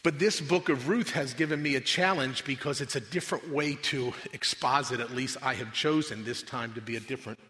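A man's voice: brisk, few pauses. Man preaching sunday sermon, chatty with restarts, big echoey church. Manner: conversational, then reads scripture aloud louder and higher. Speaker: pastor. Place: church sanctuary. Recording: long hall reverb.

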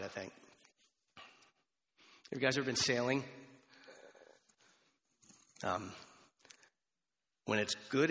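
A male pastor delivers a relaxed, conversational sermon, wandering through asides and restarting his sentences. His voice is bright and forceful, with a long reverb trailing off the church walls. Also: fairly low pitch. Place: church sanctuary.

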